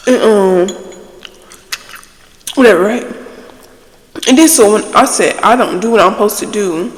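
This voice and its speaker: A woman's voice: mid-range voice, a little slow, long pauses. Profane woman telling a story, reverberant. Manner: animated, profane, blunt storytelling. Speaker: ASMR channel host. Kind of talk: casual storytime chat.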